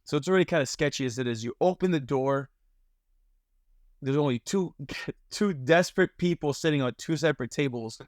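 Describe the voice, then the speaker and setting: An animated young man tells a travel story as a podcast guest, full of slang and fillers. His voice sits a little high and sounds dry and close. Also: a little fast, no echo. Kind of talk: casual chat, storytelling.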